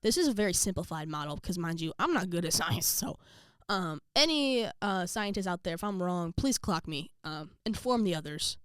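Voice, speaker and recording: A young woman vlogging, casually telling a story to her viewers and acting out quotes with jumps in pitch. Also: lively intonation, normal speed, clean tone, no room sound, studio quality.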